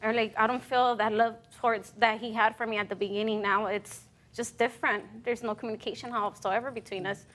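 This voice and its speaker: Young woman, wife on the stand, hesitant, high-pitched. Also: fairly even intonation, fairly quick, hardly any pauses, a bit bright. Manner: hesitant, with fillers. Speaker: wife in court case. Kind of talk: courtroom testimony.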